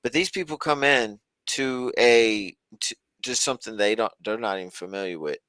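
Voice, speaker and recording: A man's voice: fairly low pitch, moderate pace, fairly bright tone, clear, resonant tone, dry recording. A man co-hosting a podcast, talking in a loose, rambling, folksy way about a reality show. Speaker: podcast co-host.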